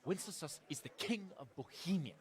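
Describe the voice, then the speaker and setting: A man's voice: fairly high pitch, lively intonation, normal speed, close to an everyday voice. A man playing a fiery loyalist villager. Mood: indignant. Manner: indignant, scornful. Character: angry loyalist villager, hot-tempered man.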